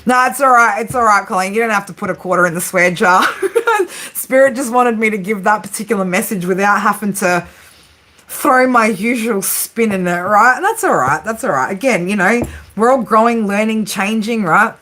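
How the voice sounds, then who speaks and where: A woman's voice: mid-range voice, normal speed, bright, forceful tone. A woman in her thirties giving a casual tarot reading to camera, blunt and chatty, swearing freely, laughing often and ending her points with "right?". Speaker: tarot reader and psychic.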